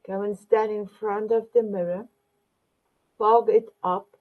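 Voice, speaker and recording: Hosting a motivational talk show, a woman keeps referring to her viewers as "my beautiful ones" in a warm, affectionate way. She speaks a little slowly in a mid-range voice with fairly even intonation, and the recording sounds dull and lo-fi.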